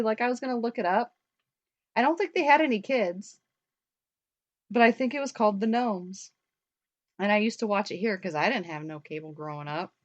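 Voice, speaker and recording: A young woman with a slightly high, fairly bright voice co-hosts a talk show, rambling in casual, chatty conversation full of "like" and the odd mild swear word. The recording is dull and lo-fi.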